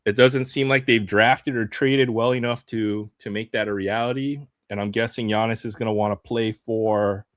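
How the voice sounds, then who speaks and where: A man's voice: medium pitch, a bit bright, dry recording, clean studio sound. A man hosting a live stream, chatting casually while opening sports cards, laughing often and trailing off with ums.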